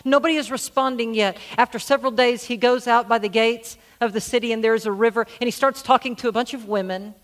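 A man's voice: very high voice, steady tone, fast talker, few pauses, fairly bright tone. A man, a senior pastor preaching a sermon and telling a story, who repeats words as he restarts.

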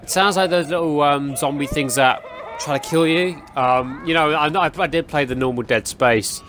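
A man's voice: fairly high pitch, normal speed, background noise. A young man giving casual, rambling commentary while playing a horror game, often yelping and laughing at jump scares. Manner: chatty, rambling, easily startled, yelps and laughs at jump scares. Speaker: gaming channel host.

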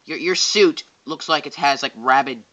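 A man's voice: a little high, moderate pace, pushed and bright. A man voicing a group of mocking girls who sneer and stumble over their words.

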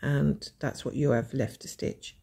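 A woman's voice: very deep voice, fairly even intonation, a little slow, vocal fry, warm tone, husky. A woman with a Scottish accent hosting a casual stitch-along chat, thinking aloud and weighing her options. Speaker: host of a cross-stitch channel.

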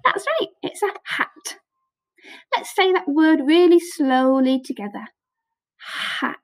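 A woman teaching a phonics lesson to young children on camera, sounding out letters slowly with lots of praise. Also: high voice, very animated, rough recording. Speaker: primary school teacher.

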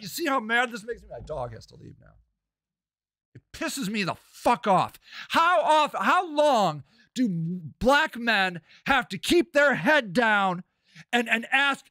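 A man hosting a podcast, delivering an impassioned, profane political rant that swings between shouting and low muttering. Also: very animated, slow, no echo, clean studio sound. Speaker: podcast host.

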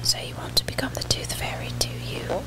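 A woman's voice: brisk, close to an everyday voice. A woman voicing a creepy, inhuman female Tooth Fairy in a whispered role-play with a put-on British accent. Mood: sinister coaxing. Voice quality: breathy whisper with a fake smile.

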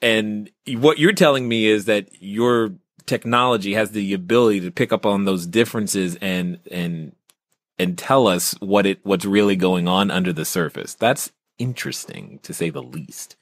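A man's voice: lowish voice, moderate pace, dry recording. A man hosting a podcast interview who interrupts his guest eagerly and asks his questions with enthusiasm. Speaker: podcast host.

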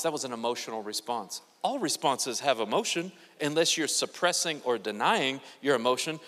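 A male pastor preaching a sermon to a congregation, animated and joking, with playful asides to the crowd. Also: fairly high pitch. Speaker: guest pastor. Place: church sanctuary. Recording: long reverb of a large church hall.

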